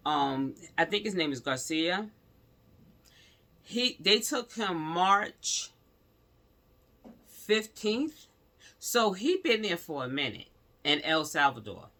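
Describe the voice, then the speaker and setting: Man, casual vlog commentary, very bright sharp tone, talkative. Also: a little high. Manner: talkative, addresses viewers as y'all, growing heated. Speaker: vlogger.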